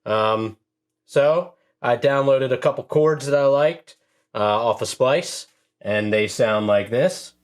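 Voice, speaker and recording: A man casually explaining how he arranges a track on a music sampler, relaxed and full of fillers like "um" and "uh". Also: medium pitch, slow pace, clean tone. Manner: relaxed, filler-heavy, self-deprecating. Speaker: music producer demonstrating a track. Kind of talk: casual tutorial talk.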